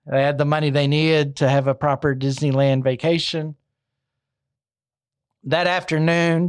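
A man's voice: a little high, smooth, dry recording, studio quality. A young man narrating a true crime story casually, with wry asides.

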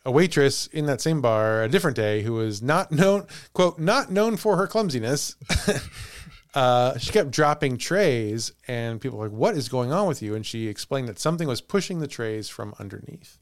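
A man's voice: mid-range voice, animated, moderate pace, no room sound, clean studio sound. A man hosting a podcast, telling a ghost story in casual chat and laughing often. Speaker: podcast host.

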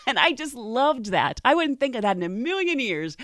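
A woman's voice: fairly high pitch, unhurried, no room sound, studio quality. A woman hosting a podcast, telling a story casually, laughing often and acting out the people in it. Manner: giggly, animated, acts out quoted voices. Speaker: podcast host.

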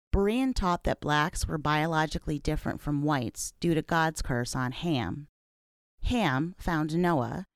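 A woman hosting an investigative podcast, reading scripted narration in a measured, serious manner. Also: deep voice, dry recording, clean studio sound. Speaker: podcast host.

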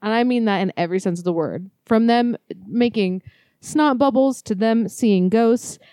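A woman co-hosting a podcast, chatting casually and reading listener ghost stories aloud with quick, laughing, profane asides. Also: on the high side, warm tone, no echo, clean studio sound. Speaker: podcast co-host.

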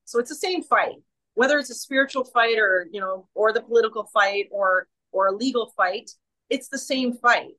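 A woman's voice: on the high side, moderate pace, pushed and bright, rough recording. A woman, a guest in a casual interview, talking with emphatic passion and often restarting her sentences. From Canada.

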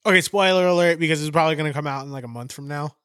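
A man in casual chat, joking and profane. He talks very fast in a slightly high voice, and the sound is dry and close. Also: a bit bright, clear, resonant tone, dry recording.

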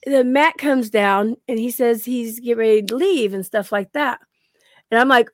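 A woman telling paranormal stories on a casual podcast, animated, acting out quotes and laughing often. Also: fairly high pitch, moderate pace, no room sound, clean studio sound. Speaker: guest paranormal investigator.

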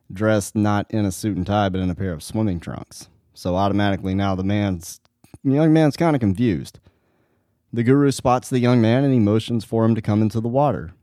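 A man's voice: on the low side, warm tone, no room sound, clean studio sound. A man hosting a podcast, giving an earnest motivational talk and telling stories straight to his listeners. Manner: earnest, storytelling, direct to listeners. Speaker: podcast host.

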